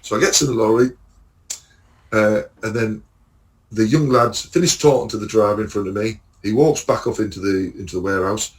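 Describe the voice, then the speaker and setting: A middle-aged man from England, a podcast co-host and lorry driver, telling an animated casual anecdote full of swearing and acted-out quotes. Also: fairly low pitch, fairly quick. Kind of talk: casual anecdote among friends.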